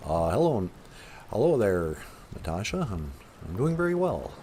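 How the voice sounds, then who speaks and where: A man's voice: on the low side, very animated, moderate pace, mellow, a little hiss or hum. A man doing a stiff, overly proper fellow. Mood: formal.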